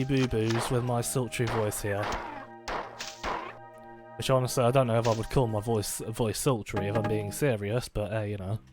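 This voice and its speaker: A man's voice: lowish voice, fairly even intonation, normal speed, music in the background. A man chatting casually while live-streaming a game, rambling and joking at his own expense, with many fillers and restarts.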